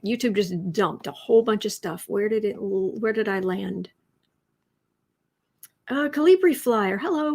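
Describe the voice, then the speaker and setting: A woman's voice: mid-range voice, vocal fry. A woman hosting a livestream, reading viewer comments aloud and chatting, sometimes dropping to a whisper or cooing to her pet. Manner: chatty, drifts into soft whispers and coos to a pet. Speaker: astrology and tarot channel host.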